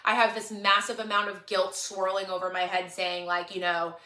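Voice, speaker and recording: A woman talks straight to her followers on a livestream, earnest and close to tears. Her voice is bright and pressing, and she repeats herself to drive the point home. The room has an echo. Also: medium pitch, level tone, normal speed, hardly any pauses. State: tearful, on the verge of crying. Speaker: online shop owner on a livestream. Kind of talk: emotional livestream monologue to followers.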